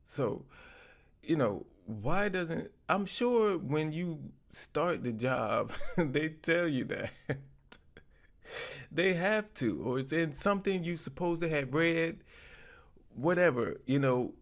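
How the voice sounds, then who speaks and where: A man's voice: on the high side, expressive, slow pace. A man hosting his channel, reacting to clips in a laid-back, chuckling way and offering advice. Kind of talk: casual commentary.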